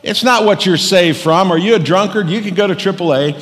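A man's voice: high-pitched, a little fast. A middle-aged man preaching a sermon as pastor, telling stories in a folksy, joking way. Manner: folksy storytelling with jokes. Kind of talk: humorous sermon. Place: church sanctuary. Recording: long reverb of a church hall.

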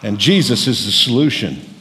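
In a church sanctuary, a middle-aged man preaches as pastor, his humorous sermon built on folksy, joking stories. He speaks at a normal pace in a fairly low, expressive voice with a sharp tone, echoing with a church hall's long reverb.

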